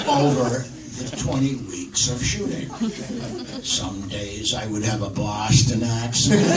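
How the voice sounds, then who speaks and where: A man's voice: mid-range voice, takes it slowly. A man telling a self-mocking story at a live interview, chuckling as he speaks. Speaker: actor telling a story on stage. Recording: echoey, distant, loud noise.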